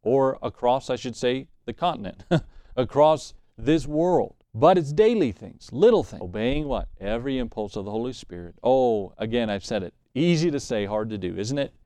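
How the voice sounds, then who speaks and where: A man's voice: mid-range voice, lively intonation, moderate pace, dark tone, dry recording. A man preaching a sermon in a conversational way, reading scripture and acting out what the Bible figures say. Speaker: pastor.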